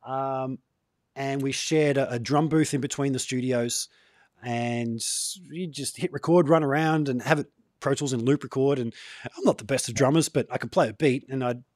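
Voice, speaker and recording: A man from Australia with an Australian accent, hosting a casual interview in a relaxed, chatty way. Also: mid-range voice, normal speed, no echo, studio quality. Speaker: interview host.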